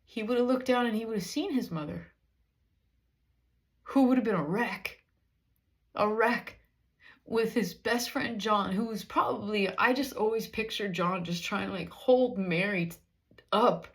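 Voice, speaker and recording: A woman preaches a sermon in an earnest, conversational manner, often turning to rhetorical questions. Her voice sits at an ordinary middle pitch for a woman. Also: normal speed.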